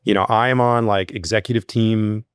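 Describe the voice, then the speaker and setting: As a podcast guest, a low-voiced security CEO tells a story with animated energy, his voice spiking upward when he dramatizes scenes and quotes. He moves at a normal speed with a smooth tone, though he stumbles through fillers and restarts. The sound is close and dry, with no echo.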